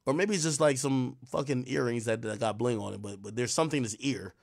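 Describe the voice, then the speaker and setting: A man's voice: medium pitch, quick pace, vocal fry. A man hosting a live stream, giving casual, rambling commentary full of profanity and trash talk. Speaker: livestream host.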